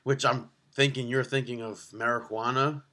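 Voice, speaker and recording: A man co-hosting a podcast in casual chat, telling travel stories and acting out street vendors in quick voices. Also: medium pitch. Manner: animated storyteller, acts out vendors in quick put-on voices. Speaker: podcast co-host. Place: on the road in Cancun.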